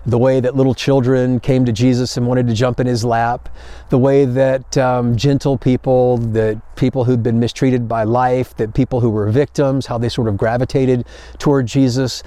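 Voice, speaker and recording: A man's voice: mid-range voice, flat delivery, moderate pace, dark tone, dry recording. A man pastor preaching a sermon in a conversational storytelling way, acting out paraphrased quotes.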